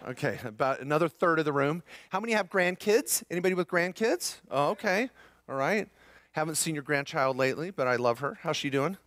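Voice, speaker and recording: A man's voice: a little high, lively intonation, fairly quick, fairly bright tone, no room sound. A middle-aged man speaking to a live seminar audience, joking and upbeat, talking straight to the room.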